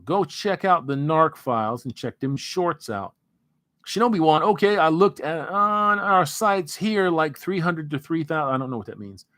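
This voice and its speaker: Slow, unhurried man hosting a livestream. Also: a little high, no room sound, studio quality. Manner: relaxed, rambling, drifts into earnest pep talk. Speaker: livestream host. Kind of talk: casual livestream chat, reading viewer comments.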